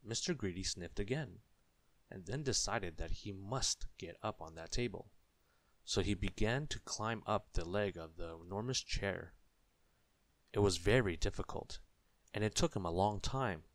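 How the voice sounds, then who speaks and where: A male storyteller reads a children's tale aloud in a low, deep voice and talks straight to his young listeners. The sound is dry and close, with no echo at all. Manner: expressive, asks listeners questions.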